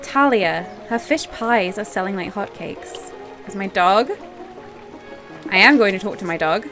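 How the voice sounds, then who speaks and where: A woman's voice: medium pitch, measured pace, music in the background. A woman streaming a narrative game, reading it aloud and reacting with frequent laughs and exclamations. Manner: animated, laughs a lot, reacts loudly.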